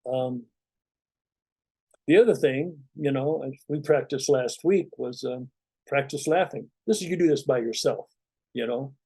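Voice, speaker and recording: A man talking to his students as a meditation teacher, in a loose, rambling conversational way. His voice is mellow and soft-edged, and the recording is dry and close, with no room sound. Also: medium pitch, creaky, husky, dry recording. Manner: relaxed, rambling, conversational, many "you know"s. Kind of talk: informal spiritual talk to students.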